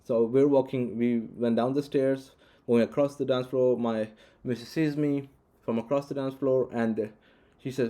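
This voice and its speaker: A man tells a long personal story straight to camera in a loose, casual vlog style. His voice is mellow and sits at a middling pitch. He wanders, restarts sentences and leans on fillers as he goes. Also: fairly even intonation, normal speed, few pauses. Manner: rambling, frequent restarts and fillers. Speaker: vlogger.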